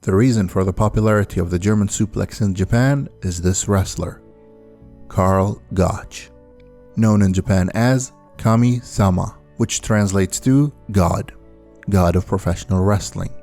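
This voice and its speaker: Guy narrating a countdown video essay, lowish mellow voice, steady list delivery, faint music behind. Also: unhurried. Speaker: anime and wrestling video host.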